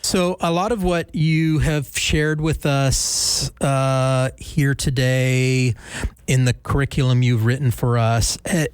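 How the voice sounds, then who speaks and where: A man's voice: medium pitch, clean tone, no room sound. Man hosting an interview. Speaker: host.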